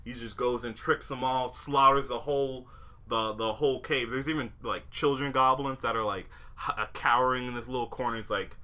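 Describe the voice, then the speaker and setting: Young man, podcast co-host, casual chat, bright tone, profane, full of fillers and restarts. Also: mid-range voice, fairly even intonation, fairly quick.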